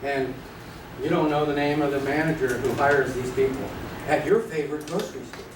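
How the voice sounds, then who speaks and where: A man teaching a live class of real estate agents, playful and energetic, acting out little scenes and quizzing the audience. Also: mid-range voice, brisk. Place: training room with an audience. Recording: echoey room, distant mic, noisy.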